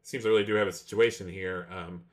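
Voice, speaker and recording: A man's voice: low-pitched, steady tone, fast talker, natural voice. A man voicing a polite businessman who hesitantly excuses himself to take an urgent call. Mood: apologetic.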